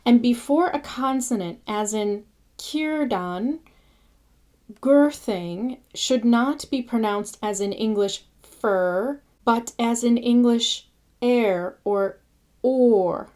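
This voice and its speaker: A woman giving a casual pronunciation lesson, patiently repeating each sound slowly. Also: a little high, a little mellow. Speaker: language teacher.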